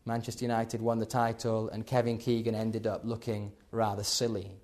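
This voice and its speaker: A man preaching a sermon, building to loud emphatic peaks and then dropping low. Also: completely flat delivery, normal speed.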